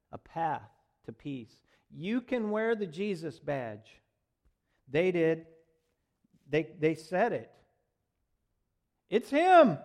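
Slow, higher-voiced male preacher. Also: vocal fry. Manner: dramatic swings from loud proclaiming to hushed tenderness. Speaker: pastor. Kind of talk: sermon.

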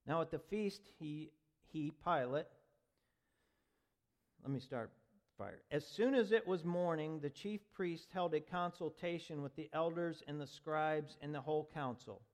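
A man preaching a sermon as pastor, reading scripture aloud and building to forceful, dramatic emphasis. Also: on the high side, measured pace.

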